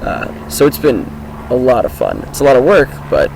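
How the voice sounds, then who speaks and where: A teenage boy talking casually outdoors about his life, with a groggy, hoarse voice and a rambling, upbeat manner. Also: medium pitch, sing-song, normal speed, a little mellow, slight background noise, rough recording. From Washington State, US. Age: teens. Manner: rambling, upbeat, many fillers. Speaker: high school student vlogger. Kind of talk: casual self-introduction vlog. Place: outdoors, sitting on his car.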